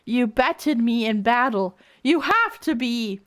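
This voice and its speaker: A woman voicing a calm, persistent male clan leader cat from a fanfic, in a lowered, flat reading voice. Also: unhurried.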